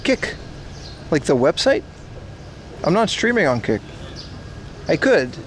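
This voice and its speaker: Guy on a walking irl stream, kinda high voice, faint street noise, just chatting w chat. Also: sing-song, takes it slowly. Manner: chatty, joking, reads and answers chat. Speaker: livestream host. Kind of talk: casual IRL livestream chat. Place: outdoors on a city street.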